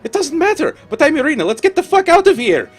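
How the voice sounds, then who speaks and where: A man's voice: very animated, fast, soft background music. A man voicing a scared but stoic young woman who talks bluntly and swears. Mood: tough. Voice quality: high-pitched and loud.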